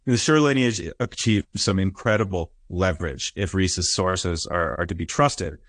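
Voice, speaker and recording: A man's voice: low-pitched, normal speed, fairly bright tone, no echo. Lecturing man with a dry, close sound. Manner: explanatory, frequent "uh" and "right?" checks. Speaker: history lecturer. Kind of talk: academic lecture. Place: lecture recording.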